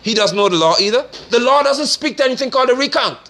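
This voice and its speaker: A man giving forceful, scornful political commentary in a preaching manner. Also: very high-pitched, lively intonation, quick pace, slight background noise. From Guyana. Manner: forceful, scornful, rising to sermon-like declarations.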